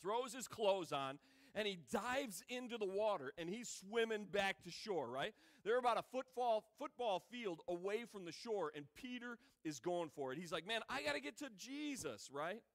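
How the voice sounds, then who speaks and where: A man pastor preaching a sermon, telling a story with lively acted-out voices. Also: high-pitched, moderate pace. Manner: animated storytelling, acting out voices in retellings.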